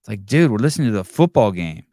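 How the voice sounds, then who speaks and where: A male podcast host in casual chat, ranting in a profane, animated way. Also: lowish voice, quick pace, no echo, studio quality.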